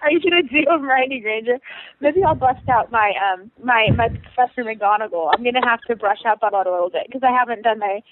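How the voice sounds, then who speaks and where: A woman co-hosting a podcast in casual chat, animated and laughing, with quick bursts of excitement. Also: a little high. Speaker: podcast co-host. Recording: phone-like line with faint hiss.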